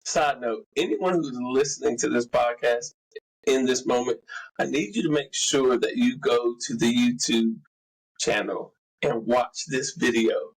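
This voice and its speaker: A man in his forties on a podcast, husky-voiced with a middling pitch. He teases and steers the story with dry asides in easy chat. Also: measured pace, low-quality recording. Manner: teasing, wry interjections. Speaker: podcast co-host. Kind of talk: casual chat.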